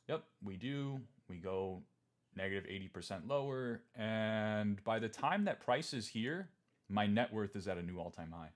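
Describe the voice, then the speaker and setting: A man's voice: on the low side, expressive, moderate pace. A young man in his twenties giving a candid, emphatic livestream talk about markets and holding through downturns. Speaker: trading streamer.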